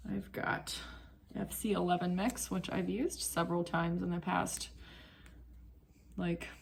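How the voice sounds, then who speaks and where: A woman's voice: fairly low pitch, steady tone, a little slow, creaky, slight background noise. A young woman vlogging about knitting at home in a chatty, rambling way that wanders off topic. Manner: chatty, rambling, easily sidetracked. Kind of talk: casual chat.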